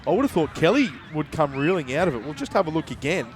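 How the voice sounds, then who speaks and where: A man giving live play-by-play commentary at a local rugby league game, quick and jokey with his co-commentator. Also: a little high, big pitch swings, a little hiss or hum. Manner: brisk, jokey banter with co-commentator. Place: outdoors at a local sports ground.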